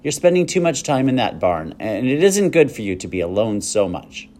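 A man's voice: mid-range voice, sing-song, normal speed, darkish tone, slight background noise, voice pushed up, close to an everyday voice. A man reading aloud and voicing a farm mother who is firm and scolding yet loving toward her daughter. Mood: stern.

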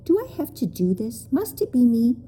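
A woman's voice: very animated, moderate pace, dark tone, a little hiss or hum. A woman voicing a timid but plucky young girl in a storybook reading. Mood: anxious. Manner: high, anxious pleading.

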